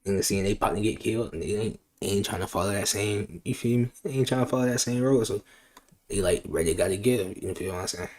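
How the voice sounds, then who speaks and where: A man talking casually and haltingly, often saying "you feel me". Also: on the low side, a little mellow. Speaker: interviewee. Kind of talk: casual chat.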